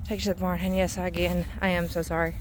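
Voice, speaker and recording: A woman's voice: on the low side, little pitch movement, background noise. A woman, talking casually in a rambling vlog as a mother. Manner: chatty, rambling, with drawn-out fillers. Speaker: vlogger and mother.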